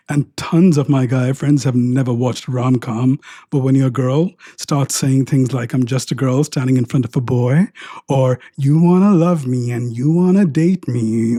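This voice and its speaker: Mellow, husky middle-aged man musing wryly. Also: medium pitch, no room sound, studio quality. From India. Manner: wry, joking and prone to tangents. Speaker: podcast host. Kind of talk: reflective personal monologue.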